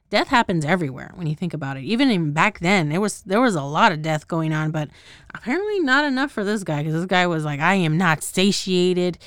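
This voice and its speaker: This low-voiced woman is a podcast host casually recapping a show, rambling, laughing often, swearing, and frequently losing track of names and details. The recording is dry and studio quality.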